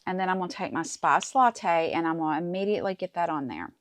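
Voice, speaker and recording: Woman, middle-aged, slightly low voice, chatty crafting host, talks to viewers while working. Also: expressive, quick pace, dry recording. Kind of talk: casual crafting tutorial. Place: home craft desk.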